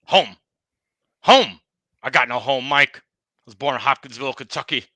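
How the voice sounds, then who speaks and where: A man's voice: medium pitch, animated, moderate pace, sharp tone, no room sound. A man voicing a tough-talking bowling ball in a comedy podcast skit, griping and boasting as he trash-talks and keeps saying the host's name. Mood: aggrieved. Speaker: guest.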